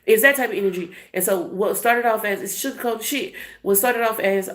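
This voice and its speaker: A woman's voice: mid-range voice, fairly quick, few pauses, reverberant. Blunt, profane woman tarot reader. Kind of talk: casual spiritual reading.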